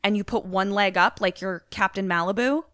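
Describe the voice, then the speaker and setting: A woman podcast co-host in casual chat, retelling a film in a profane, animated way. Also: medium pitch, brisk, dry recording, clean studio sound.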